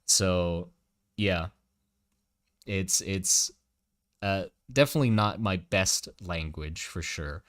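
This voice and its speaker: A man's voice: low-pitched, slow, long pauses, fairly bright tone, no room sound, clean studio sound. A man in his twenties, originally from Germany, speaking with an American accent, chatting and joking casually with his stream chat as a streamer. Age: 20s. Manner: joking, teasing banter with chat.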